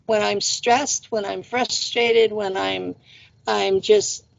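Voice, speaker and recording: Slow gravelly-voiced woman host. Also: medium pitch, steady tone. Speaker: podcast host. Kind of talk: casual chat. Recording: dull lo-fi audio.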